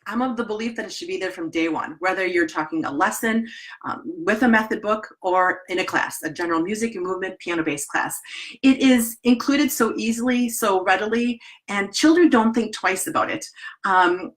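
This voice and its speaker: A woman's voice: mid-range voice, moderate pace. A middle-aged woman with a Wisconsin accent, teaching piano teachers in a chatty live-stream talk from her home studio. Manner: chatty, animated, demonstrates as she talks.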